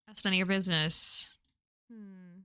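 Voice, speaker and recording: A woman's voice: mid-range voice, fairly even intonation, a little slow, pushed and bright, clear, resonant tone. A woman streaming a video game, reading its dialogue aloud with playful, casual commentary and the odd swear.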